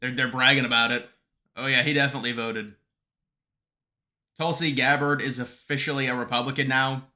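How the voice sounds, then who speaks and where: A man hosts a live stream, reading viewers' questions aloud and answering with blunt, mocking remarks. His voice is very bright and forceful, sitting at an ordinary middle pitch. He laughs often and stumbles through repeated words as he thinks aloud. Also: little pitch movement, brisk, long pauses. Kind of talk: casual live-stream commentary reading chat.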